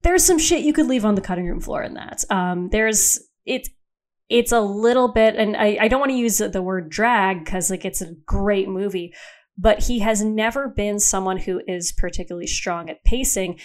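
A woman's voice: mid-range voice, moderate pace. A young woman talking casually on a podcast. She is candid and profane, and she often breaks off and restarts her sentences. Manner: candid, profane, self-interrupting. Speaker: podcast co-host. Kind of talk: casual chat.

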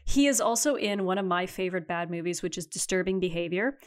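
A woman's voice: on the low side, fast talker. A woman co-hosting a casual chat about horror movies, given to dry, sarcastic asides. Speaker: podcast co-host.

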